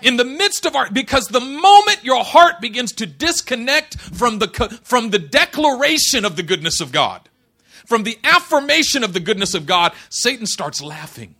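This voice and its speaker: A man preaching with a high, bright voice, swinging between quiet, intimate passages and ringing declarations. He quotes scripture with fervor and breaks it up with folksy, joking asides. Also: sing-song, normal speed. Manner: impassioned, swings from hushed to loud, quotes scripture; folksy humor, colloquial asides. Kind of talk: sermon.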